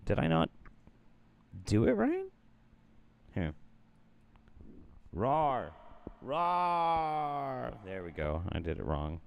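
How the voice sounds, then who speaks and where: A man's voice: low voice, wildly swooping pitch, normal speed, gravelly, pauses often, a little mellow. A man hosting a show of reaction clips, joking in a profane, playful and exaggerated way as he comments. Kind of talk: casual comedic commentary.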